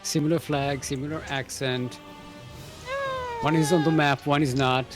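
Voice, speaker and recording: A man's voice: a little high, steady tone, normal speed, music in the background. A man casting a live strategy-game match with a playful, joking manner. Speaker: esports caster.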